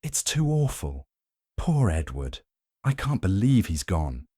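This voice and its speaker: A man's voice: low voice, lively intonation, measured pace, dark tone, no echo, clean studio sound. A man voicing a tearful young actress in an audiobook, with a tremulous, wavering voice. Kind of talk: audiobook character voice.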